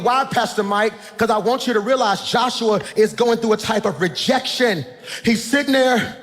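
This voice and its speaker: A pastor with a high-pitched, expressive voice delivers a sermon to a large congregation at a moderate pace, rising into shouts with a sing-song preaching cadence. The hall rings with long reverb, and soft music plays beneath him.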